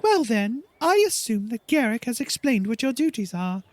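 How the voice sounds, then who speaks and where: A man's voice: very high-pitched, very animated, normal speed, no room sound, voice pushed up. A man voicing a vain, bossy female stage actress in a fantasy game. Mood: haughty. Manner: condescending, bossy.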